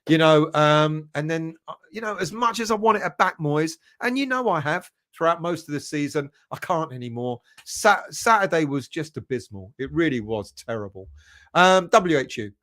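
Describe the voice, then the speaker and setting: A man's voice: a little high, animated, normal speed, a bit bright. A man hosting a football fan live stream, casually chatting, reading viewer comments aloud and greeting them by name with a chuckle. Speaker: football fan channel host.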